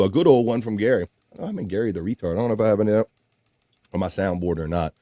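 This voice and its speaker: Reading viewer comments aloud on his live stream, this host is animated and jokey, laughing frequently. He speaks rapid-fire at a medium pitch, and the recording is studio quality with no room sound.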